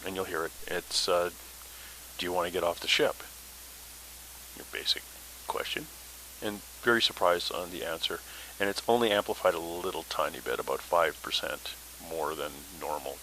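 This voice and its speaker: A man's voice: low voice, pushed and bright, slight background noise, poor audio. A man hosting a paranormal podcast, telling his story in a casual, rambling way with many fillers.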